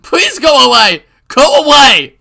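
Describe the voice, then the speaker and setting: A man putting on the voice of a terrified teenage boy from a visual novel, pleading in desperate shouts. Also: extremely high pitch, sing-song, slow, gravelly, voice pushed up, heavily acted. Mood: panicked screaming.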